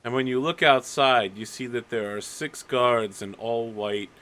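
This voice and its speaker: A man narrates a tabletop game as its game master, describing scenes in a loose, casual way. His voice sits at an ordinary middle pitch, and fillers pepper his descriptions. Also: fairly even intonation, a little slow, a bit bright.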